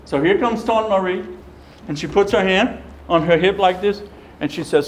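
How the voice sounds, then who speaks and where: A middle-aged deacon with a high-pitched voice talks at normal speed over poor audio. Addressing his parish, he tells a folksy story, acting out the quotes with animation, and tears come at times.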